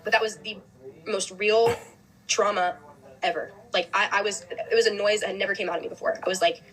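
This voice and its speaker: A young woman hosting a podcast, telling a personal story quickly with lots of "like" and restarts. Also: medium pitch, fairly even intonation, a bit bright, rough recording. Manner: fast, heavy use of "like", restarts. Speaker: host.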